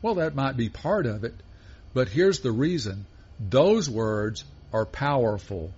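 In a dull, lo-fi recording, a pastor with a husky, slightly breathy mid-pitched voice delivers an animated sermon with a darkish tone. He works through his points in a measured way, asking his listeners question after question.

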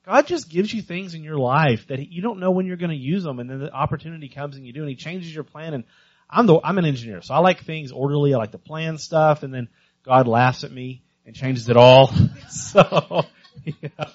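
A man giving a missions talk to a church congregation, telling stories with lively energy and often stumbling over repeated words. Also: fairly high pitch, brisk, highs cut off. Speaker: visiting missions speaker.

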